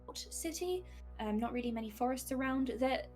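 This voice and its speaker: Female player, high voice, casual, hesitant, full of ums. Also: expressive, normal speed, darkish tone, soft background music. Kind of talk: in-character tabletop play.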